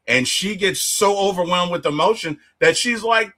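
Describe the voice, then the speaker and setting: A man talks through a movie plot in a relaxed chat, his pitch swinging up and down as he acts out lines. His voice is bright and sits a bit high for a man. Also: moderate pace, few pauses. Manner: animated storytelling, acts out character lines. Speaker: movie reviewer. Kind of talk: casual film discussion.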